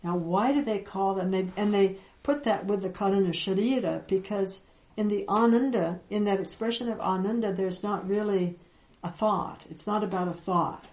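A woman giving a reflective spiritual teaching talk, gentle and unhurried, with soft laughs and pauses. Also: medium pitch, echoey room, poor audio. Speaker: Vedanta teacher.

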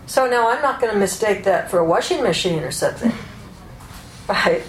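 A woman's voice: mid-range voice, animated, moderate pace. A woman giving a spoken teaching talk as a psychologist and Vedanta teacher, explaining thoughtfully with examples and asides. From United States. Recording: echoey room, faint room noise.

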